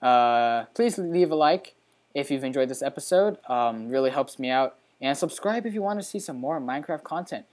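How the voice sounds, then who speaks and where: A man hosting a let's play, giving casual, excitable gameplay commentary at his computer, chatty and breaking into sudden high squeals. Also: normal speed.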